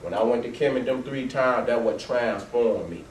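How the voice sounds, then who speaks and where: A male speaker presents his life story with photos to a live audience at normal speed, profane and animated, laughing often and swearing heavily. He swings from loud to low and quiet, caught on a distant mic with roomy sound and faint noise behind.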